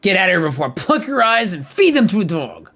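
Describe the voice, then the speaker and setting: A man's voice: sits high, big pitch swings, fast talker, fairly bright tone, voice pushed up, exaggerated voice. A man reading a game aloud and voicing a bitter, defiant young woman.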